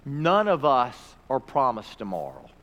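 A man pastor preaching a sermon, rising to emphatic peaks and dropping to quiet, earnest pleas. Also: medium pitch, huge pitch swings, unhurried, highs cut off. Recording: reverberant hall recording.

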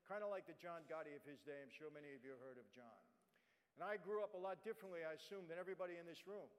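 Blunt New man preaching in a reverberant hall. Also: high-pitched. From New York, USA. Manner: blunt, conversational, addresses the audience directly. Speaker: guest speaker. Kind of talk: testimony sermon. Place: church. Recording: long reverb of a large hall.

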